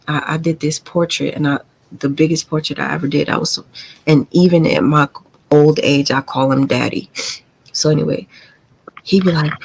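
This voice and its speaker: A woman's voice: low-pitched, steady tone, fairly quick, creaky, breathy edge, rough recording. A woman hosting a live stream, telling a painful family story in a candid, confiding and profane way. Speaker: livestream host.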